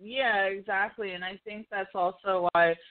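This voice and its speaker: A woman's voice: mid-range voice, fairly even intonation, moderate pace. A woman hosting a podcast, chatting casually about films, swearing freely and acting out quotes. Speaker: podcast host. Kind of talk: casual pop-culture chat. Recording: tinny phone-like call audio.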